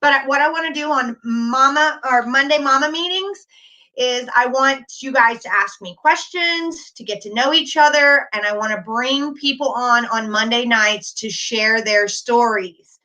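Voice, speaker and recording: A middle-aged woman hosting a casual livestream, talking warmly and reassuringly while reading chat comments aloud. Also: high voice, unhurried. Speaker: livestream host.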